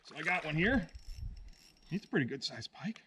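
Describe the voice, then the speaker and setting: A man giving casual, slangy running commentary while fishing from a boat on a remote lake, laid-back and quick to get excited over a catch. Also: a little high. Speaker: outdoor vlogger and angler. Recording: distant voice over loud outdoor noise.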